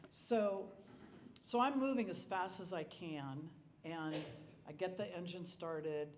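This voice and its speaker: A man's voice: high-pitched, slow pace, slight background noise. Middle-aged man telling stories in an echoey hall. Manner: rambling anecdotes with frequent restarts. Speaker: eulogy speaker. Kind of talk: personal storytelling at a memorial. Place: club hall. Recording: echoey hall with faint ambience.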